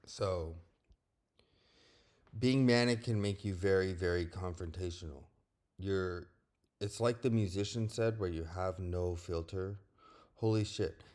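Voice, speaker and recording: A young man with a deep, low-pitched voice talks straight to the camera in a personal vlog. He is blunt and candid, and he swears freely. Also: a little slow, a little mellow. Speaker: vlogger. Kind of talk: personal monologue.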